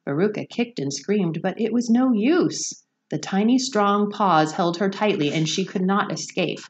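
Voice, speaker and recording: A woman teacher reading a children's novel aloud, expressive and pausing to explain words to her listeners. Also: medium pitch.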